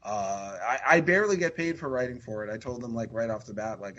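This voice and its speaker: A man's voice: mid-range voice, fairly quick, few pauses, fairly bright tone, dull audio, slight background noise. A man talking as a podcast guest in a rambling, chatty way full of fillers and restarts. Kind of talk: casual podcast chat.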